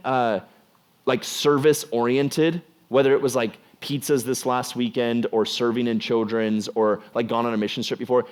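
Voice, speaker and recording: A young man preaching to a youth group in a loose, chatty way, scattering "like" through his sentences. His voice sits at an ordinary middle pitch for a man. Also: fairly even intonation, moderate pace, clean tone. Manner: conversational, filler-heavy with frequent "like". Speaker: youth pastor. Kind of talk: casual youth sermon.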